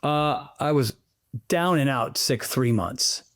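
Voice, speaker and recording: A man, a fitness trainer, chatting as an interview guest, telling animated, rambling stories peppered with sound effects. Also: mid-range voice, slow. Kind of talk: casual interview chat.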